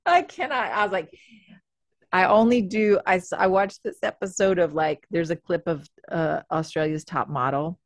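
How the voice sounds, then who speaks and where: A woman's voice: on the low side, steady tone, normal speed, no room sound, clean studio sound. A woman guest on a podcast, chatting casually and laughing often with lots of fillers. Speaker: actor and comedian guest.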